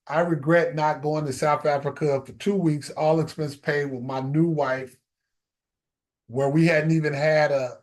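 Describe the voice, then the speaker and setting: A man's voice: a little high, a little mellow. A middle-aged man with a slightly raised voice telling a personal story, casual and reflective. He repeats his key phrases to drive the point home. The telling leads toward a plain life lesson.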